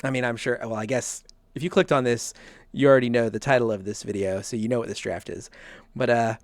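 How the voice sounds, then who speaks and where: A man hosts a casual podcast, telling rambling stories and chuckling often. His voice is medium-pitched. It comes through a close, dry mic with no room sound. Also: fairly even intonation, brisk, dry recording. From American South. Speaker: podcast host.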